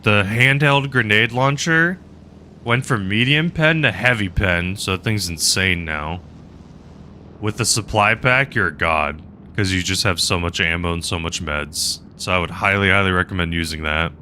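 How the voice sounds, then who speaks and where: A man's voice: deep voice, animated, normal speed, bright, forceful tone, slight background noise. A man live-streaming a game, rambling casually and chatting with viewers between laughs. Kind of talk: casual gaming commentary.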